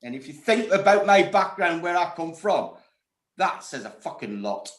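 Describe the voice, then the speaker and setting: Geordie man, panel guest, higher voice, dry wit, blunt, echoey room mic. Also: very animated, normal speed. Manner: wry and blunt, swears. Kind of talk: casual panel chat.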